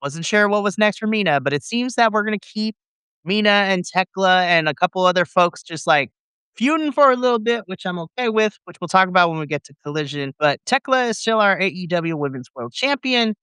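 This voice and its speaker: Male podcast co-host, animated and playful, slightly high pitch, bright and smooth, dry close sound. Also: fairly quick, no echo. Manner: animated and playful, acts out his reactions. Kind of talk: casual podcast chat.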